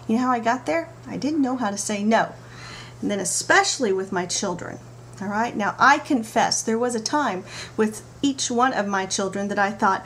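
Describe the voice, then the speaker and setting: A middle-aged woman talking to camera about parenting, telling stories in an animated way with playful asides. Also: fairly high pitch, normal speed. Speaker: parenting vlogger. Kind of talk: casual talk to camera. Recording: faint background noise.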